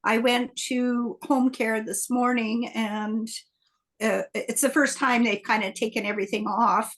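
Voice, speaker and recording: A woman's voice: on the high side, fairly bright tone. An older woman telling a story on a group video call, hesitant with frequent restarts and filler sounds. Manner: hesitant, lots of "uh" and restarts, chatty. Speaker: coaching group member.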